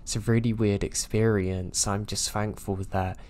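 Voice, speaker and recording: A man narrating true scary stories in a steady, low-key storytelling voice. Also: moderate pace. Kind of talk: scripted narration of listener stories.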